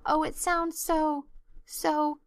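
Woman doing a tearful, dramatic girl, high and breathless, storybook reading. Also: little pitch movement, extremely slow, no echo, full character voice. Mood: wailing. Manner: breathless, tearful, melodramatic pleading. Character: excitable, dramatic young orphan girl.

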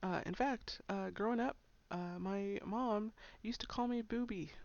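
Giggly, gravelly young woman chatting slowly. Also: mid-range voice, a little mellow. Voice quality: frequent giggles, breathy whispered asides. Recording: slightly dull lo-fi sound.

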